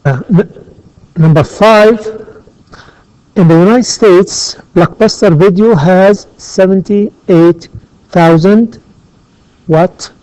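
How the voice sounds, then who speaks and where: A man teaching an English grammar lesson, slow and methodical, pausing often with "uh" and glossing words in Arabic. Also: high voice, dark tone, dry recording. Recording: dull lo-fi sound.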